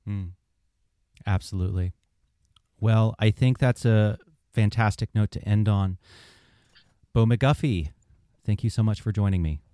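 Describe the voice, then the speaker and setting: A man's voice: fairly low pitch, measured pace, long pauses, dark tone, clean tone, dry recording, studio quality. A man hosting an interview podcast, speaking in a brief, affirming way as he wraps up. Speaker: podcast host.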